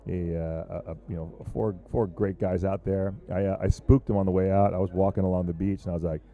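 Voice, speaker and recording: A man's voice: low-pitched, little pitch movement, fairly quick, narrow, tinny audio. A man commentating live at a surf contest, loose and joking, rambling with lots of fillers.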